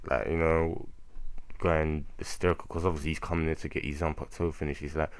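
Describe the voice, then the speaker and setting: A man's voice: very deep voice, flat delivery, brisk, fairly bright tone, clear, resonant tone, no echo. A young man giving a casual spoken review of a manga chapter, rambling with lots of fillers and self-corrections.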